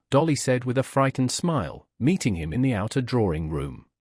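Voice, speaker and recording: Husky male audiobook narrator. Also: mid-range voice, very animated, moderate pace, few pauses, a little mellow, dry recording, clean studio sound. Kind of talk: scripted narration.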